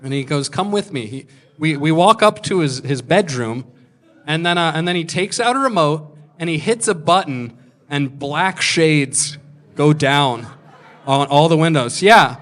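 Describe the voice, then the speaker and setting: Crude stand-up man, fairly high voice. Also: unhurried. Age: 20s. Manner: crude, deadpan storytelling with sudden shouted punchlines. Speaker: stand-up comedian. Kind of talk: stand-up storytelling.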